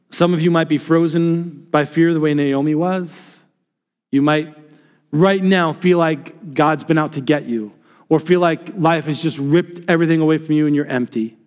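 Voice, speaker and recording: A man delivers a passionate sermon in a fairly high voice. He swings between fervent declarations and hushed, low emphasis. The sound carries a long hall reverb. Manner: impassioned preaching, drops to soft low tones for emphasis. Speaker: pastor.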